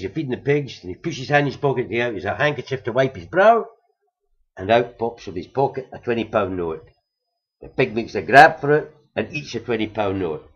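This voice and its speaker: A man telling long jokes, building them slowly with repeated phrases, on a dull recording. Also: medium pitch. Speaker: comedian. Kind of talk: stand-up joke telling.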